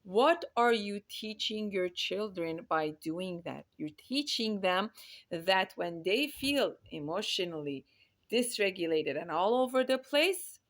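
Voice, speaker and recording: Earnest woman with a slightly low voice, parenting talk, emphatic and repetitive in her phrasing. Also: fairly bright tone. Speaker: parenting speaker.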